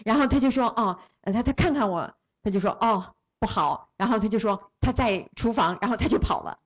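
A woman's voice: fairly high pitch, lively intonation, brisk, dull audio. A woman interpreting a sermon phrase by phrase, following the preacher closely with small restarts.

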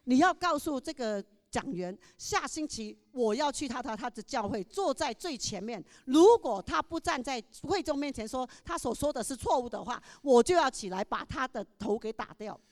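A woman interpreting a pastor's sermon live in a church, quick and expressive. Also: high-pitched, long reverb tail. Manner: quick, expressive delivery that mirrors the preacher. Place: large church hall.

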